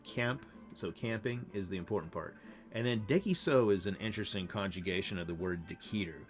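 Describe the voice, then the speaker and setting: A man who is losing his voice, explaining grammar in a casual, halting way while playing a game. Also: lowish voice. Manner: relaxed, halting explanations with fillers. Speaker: language teacher. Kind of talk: casual gameplay lesson.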